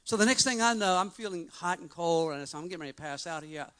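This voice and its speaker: A middle-aged man stands before a church gathering and tells his testimony in an earnest, rambling way, circling back and restarting as he goes. His voice sits a little high for a man and rings bright and forceful. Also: lively intonation, fast talker, clean tone. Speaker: church member giving a testimony. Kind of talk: personal testimony to a congregation.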